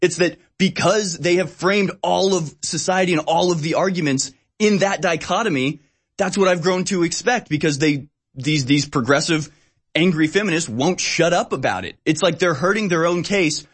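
A man speaking in a rather high voice, rambling through a casual conversation. He often drops into mocking voices to act out what other people say, then carries on in his own. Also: moderate pace, slightly rough.

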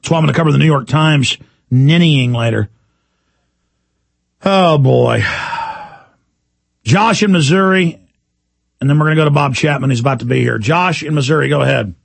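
A man hosting a call-in talk radio show, ranting and repeating himself, with sudden emphatic jumps in pitch. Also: normal speed, gravelly, pauses often, no room sound.

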